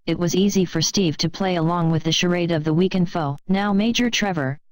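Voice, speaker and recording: A woman reading a fan fiction story aloud in a steady, plain storytelling manner. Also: lowish voice, a little fast, no echo, poor audio. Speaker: story reader.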